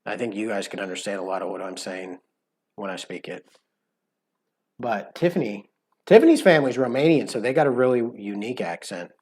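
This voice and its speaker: A man's voice: lowish voice, lively intonation, a little fast, a little mellow. A man co-hosting a live stream, chatting casually, rambling and joking and repeating his words as he talks. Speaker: co-host of a live cooking stream.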